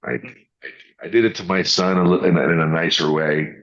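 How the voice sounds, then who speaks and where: A man with a low voice talks fast on a casual early-morning podcast he co-hosts, rambling through stories with many restarts and acting out what others said. The audio sounds dull.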